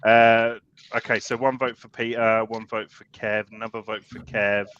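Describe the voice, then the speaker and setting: Joking host, bright voice. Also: male voice, lowish voice, level tone, normal speed, dull audio, a little hiss or hum. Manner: joking, swears, many fillers. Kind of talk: casual chat on a livestream.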